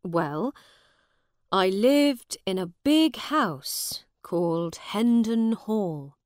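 A kind, patient soldier with a gentle, plain way of speaking, as a woman reads him. He talks very slowly, with a lively lilt, in a storybook reading. The sound is dry and close. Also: mid-range voice, no echo.

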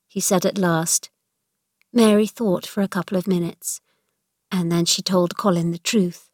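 Slow, deliberate woman reading a story. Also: on the low side, fairly even intonation, a little mellow, no room sound, studio quality. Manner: clear, measured, deliberate. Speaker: narrator.

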